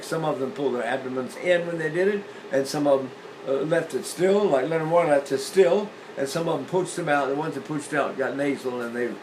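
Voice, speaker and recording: An older man teaching singing, explaining breathing with lively demonstrations, often repeating and restarting phrases. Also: medium pitch, background noise. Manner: animated, illustrating points with sung demonstrations. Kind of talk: demonstrative vocal lesson.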